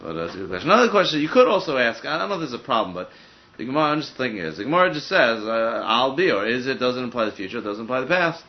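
Fast-talking man teaching Talmud, lo-fi. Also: medium pitch, big pitch swings. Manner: fast, thinking aloud with many "I mean" asides. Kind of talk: casual study-group teaching. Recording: dull lo-fi recording.

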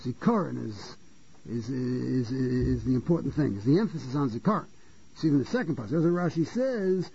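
Man, rabbi teaching a Torah class, high husky voice, halting repetitions, frequent throat-clearing, muffled lo-fi sound. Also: mellow. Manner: halting, repeats phrases and restarts, asks rhetorical questions. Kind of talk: Torah lecture. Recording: dull lo-fi recording.

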